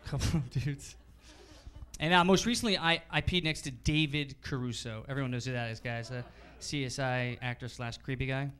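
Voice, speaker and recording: Holding a handheld mic in front of a live comedy club crowd, a young comedian who also hosts the show delivers an energetic set. His voice is medium-pitched and moderately paced, and he swears and acts out characters.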